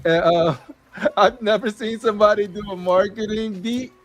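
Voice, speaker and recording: Brief: high-pitched male host, laughs a lot, trash-talks his friends on a call. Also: moderate pace, faint music behind. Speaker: podcast host. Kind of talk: casual group chat.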